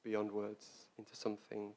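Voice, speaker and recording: A man's voice: lowish voice, completely flat delivery, moderate pace, a little mellow. A man giving a Dharma talk as a Buddhist teacher, speaking reflectively and often repeating words as he searches for them.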